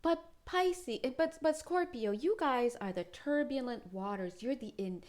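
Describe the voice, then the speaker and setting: A woman's voice: fairly high pitch, lively intonation, unhurried, darkish tone. A woman doing a casual spiritual tarot reading to camera, chatty and rambling, laughing often and breaking off mid-thought. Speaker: tarot reader.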